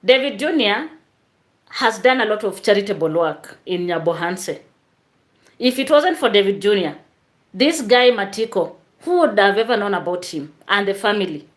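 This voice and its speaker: A woman's voice: mid-range voice, expressive, normal speed. A woman hosts a live stream, reading out viewer comments and chatting straight to her viewers.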